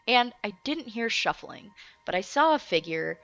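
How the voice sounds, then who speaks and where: A young woman hosting and telling a story in a casual, animated way, laughing often and swearing freely. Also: on the high side, unhurried, no room sound. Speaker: host. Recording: dull lo-fi recording with faint music.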